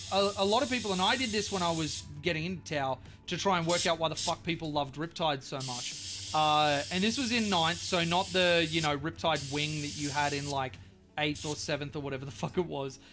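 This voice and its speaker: An Australian man with a high-set voice, rambling casually on a stream as he paints miniatures. He is loose and profane and drifts into bits of silly wordplay. Soft music plays quietly behind him. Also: fairly quick. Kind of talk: casual live-stream chat.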